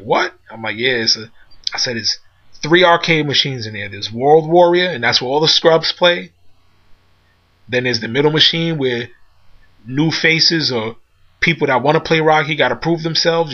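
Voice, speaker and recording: A man telling a long casual story in loose street slang, jumping into quick voices for his friends. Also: mid-range voice, sharp tone, muffled recording. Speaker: storyteller recounting arcade days.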